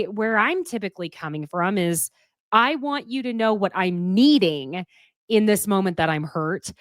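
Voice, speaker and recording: A woman's voice: mid-range voice, no room sound. Candid woman recapping reality TV, dry sound. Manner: candid and opinionated, swears casually. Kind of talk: casual recap commentary.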